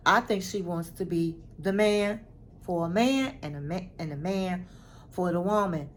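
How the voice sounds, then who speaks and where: Host voice: a woman, casual and animated, acts out quotes, says "honey". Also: medium pitch, slight background noise. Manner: animated, dramatic retelling with acted-out quotes; chatty, says "honey" and "girl". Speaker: recap vlogger. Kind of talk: casual reality-show recap.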